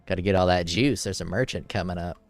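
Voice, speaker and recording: A man casually commenting on his gameplay as a streamer. He swears freely, gets excited, and reads item text aloud. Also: low voice, quick pace, no echo. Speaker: game streamer.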